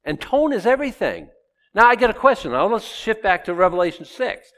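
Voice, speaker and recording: A man's voice: sits high, sing-song, a little fast, a bit bright. Man preaching in a chatty teaching tone. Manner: conversational, asks and answers his own questions, acts out quotes. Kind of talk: sermon, Bible teaching.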